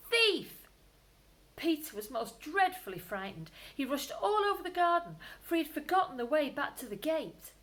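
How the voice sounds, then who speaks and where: A woman, a primary school teacher, reading a bedtime story aloud to children, expressive, with whispered asides. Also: medium pitch, poor audio.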